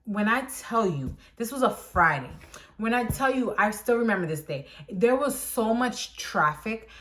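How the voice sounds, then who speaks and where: A woman's voice: a little high, moderate pace. A young woman vlogger animatedly telling a personal story time and acting out what people said. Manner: animated storytelling, acts out quotes.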